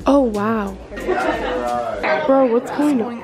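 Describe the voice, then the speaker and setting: A woman's voice: fairly high pitch, slow, a loud crowd. Giggly young woman vlogging in a roomy space. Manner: chatty, giggly, self-mocking. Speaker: beauty vlogger. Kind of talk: casual vlog chat. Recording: roomy echo with background music.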